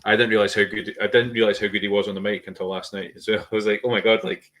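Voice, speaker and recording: A man's voice: on the low side, flat delivery, quick pace, a bit bright. A man co-hosting a podcast, rambling and swearing in casual chat, laughing often. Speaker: podcast co-host.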